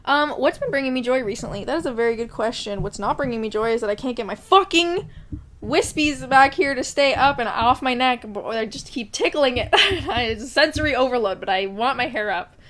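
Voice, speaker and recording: A woman's voice: a little high, expressive, a little fast, fairly bright tone, a little hiss or hum. A young woman co-hosting a podcast, chatting casually, swearing and laughing often. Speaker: podcast co-host. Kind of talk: casual chat.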